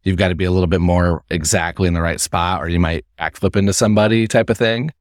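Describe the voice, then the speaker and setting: A man's voice: low-pitched, steady tone, fast talker, no echo, studio quality. A man hosting an interview, asking easygoing, long, rambling questions in casual chat. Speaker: interviewer, podcast host.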